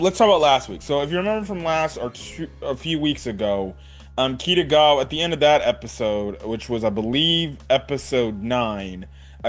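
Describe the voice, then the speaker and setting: A man talking casually in a rambling anime review, with many fillers and casual swearing. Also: medium pitch.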